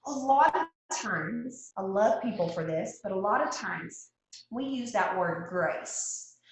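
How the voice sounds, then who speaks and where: A woman's voice: mid-range voice, lively intonation, slow, creaky. A woman with a Texan accent, guest-hosting a motivational team talk in a chatty way, repeating phrases for emphasis. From Texas. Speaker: guest host. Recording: very echoey room.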